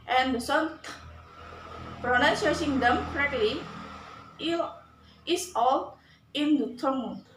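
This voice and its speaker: A woman's voice: high voice, a bit bright. A young woman from Indonesia, a student, reading a prepared speech on pronunciation carefully, with small slips along the way. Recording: roomy echo, faint background noise.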